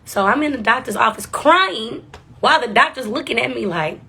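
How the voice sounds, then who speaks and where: Young woman with a creaky voice, candid and profane, recounting her struggles to camera. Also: on the high side, lively intonation, normal speed, sharp tone. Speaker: vlogger. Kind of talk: casual storytelling to the camera.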